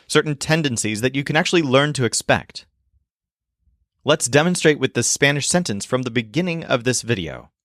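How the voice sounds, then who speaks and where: A man teaching in a language lesson video, explaining clearly and modeling sounds slowly. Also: mid-range voice, a bit bright, dry recording, clean studio sound. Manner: clear, demonstrative, slows to model pronunciation.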